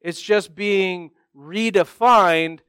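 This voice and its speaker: A man with a high, smooth, resonant voice delivers a sermon through self-deprecating personal stories, acting out the other people in them. The sound is dry and close, with no room echo. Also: extremely slow. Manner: self-deprecating, animated storytelling with acted-out voices.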